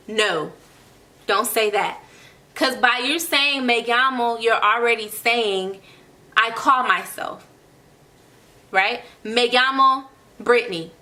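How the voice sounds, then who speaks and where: A young woman tutoring Spanish in a casual online lesson, encouraging and slowly repeating phrases for learners. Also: a little high, pushed and bright.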